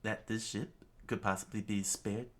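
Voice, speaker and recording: A man's voice: fairly low pitch, fairly even intonation, moderate pace, natural voice. A man doing a tearful pleading pirate commander. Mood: regretful.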